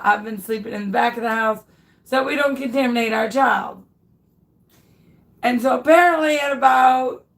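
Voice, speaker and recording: A craft host in her thirties breaks off to tell her audience a funny story. Her voice sits a little high and she takes her time. She laughs at herself along the way and often restarts her sentences. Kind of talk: casual storytelling to viewers.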